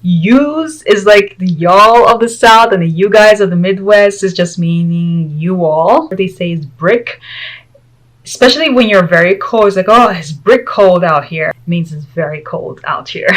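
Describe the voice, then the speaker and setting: Casual woman vlogger, spanish first language, kinda low voice, jokey and chatty. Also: fairly bright tone, rough recording. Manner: chatty, joking, laughs between points. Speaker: vlog host. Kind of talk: casual chat to camera.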